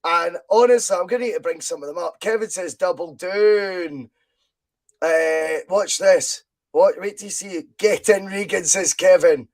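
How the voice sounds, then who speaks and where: A Scottish man hosting a casual football quiz podcast, excitable and quick to shout when delighted. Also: high-pitched. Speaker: podcast host.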